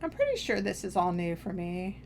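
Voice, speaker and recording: A woman's voice: lowish voice, wildly swooping pitch, moderate pace, creaky, a little hiss or hum. A woman streaming a game, chatting casually in a meandering, self-deprecating way. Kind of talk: casual rambling chat while gaming.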